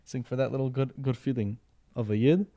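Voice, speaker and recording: A Sephardi man with a warm, medium-pitched voice talks fast but keeps a steady tone in casual podcast conversation. He rambles, doubles up on words, and leans on "right?" and "you know" to check in.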